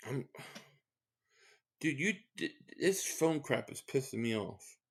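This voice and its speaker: A man's voice: mid-range voice, lively intonation, slow, creaky, slightly rough. A man from the Philadelphia area live-streaming a football game, rambling in casual chat, reading out viewer messages and giving blunt fan opinions.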